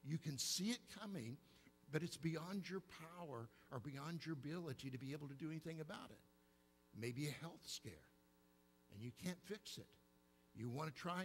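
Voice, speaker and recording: A middle-aged man with an Oklahoma accent, preaching a sermon in church, telling stories in an animated way. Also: fairly high pitch, slight background noise, low-quality recording. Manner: storytelling, animated, acts out childhood fear. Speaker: pastor. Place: church sanctuary.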